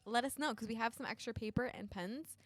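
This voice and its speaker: A young woman co-hosting a casual live stream, upbeat and quick to laugh, close to the mic. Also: fairly high pitch, no echo. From United States. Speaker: streamer co-host. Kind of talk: casual chat.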